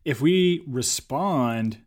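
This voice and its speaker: A man co-hosting a casual conversation, telling stories and giving advice in an animated way. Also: medium pitch, extremely slow. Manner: storytelling, animated when acting out quotes. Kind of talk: casual chat.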